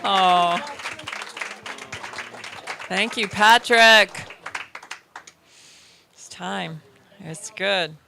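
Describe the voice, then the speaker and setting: A woman minister leading a church service, speaking in a gentle, unhurried way as she guides the congregation. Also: medium pitch, gravelly, some chatter behind.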